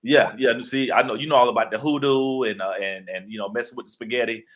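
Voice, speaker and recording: A young adult man, a guest author and actor, talks in a casual interview at a quick pace with a medium-pitched voice. He tells playful stories and acts out the voices of the people in them.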